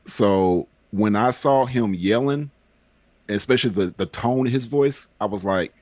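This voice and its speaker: A man's voice: on the low side, unhurried, a little mellow, no room sound. A man chatting on a podcast, telling rambling personal stories with frequent fillers. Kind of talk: casual podcast chat.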